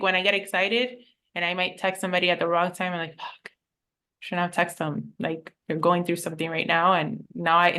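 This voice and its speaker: A woman's voice: lowish voice, bright, forceful tone. A woman life coach in a casual podcast chat, telling personal stories candidly and with animation, swearing now and then.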